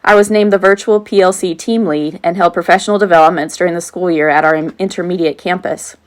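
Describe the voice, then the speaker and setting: A woman's voice: on the low side, fairly even intonation, quick pace. A woman in her forties, a teacher reading her own book aloud in an earnest tone, with occasional off-script asides. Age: 40s. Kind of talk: self-read audiobook narration.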